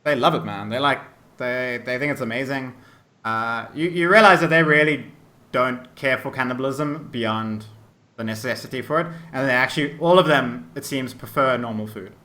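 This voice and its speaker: A man running a tabletop role-playing game as game master, narrating and talking with his players in an animated way. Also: mid-range voice, normal speed. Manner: animated, switches into character voices.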